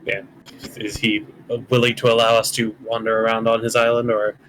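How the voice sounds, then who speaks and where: A man's voice: fairly low pitch, completely flat delivery, moderate pace, a bit bright, faint music behind, low-quality recording. A man chatting casually as a player in an online tabletop game, laid-back and joking with many fillers. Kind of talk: casual chat on a live stream.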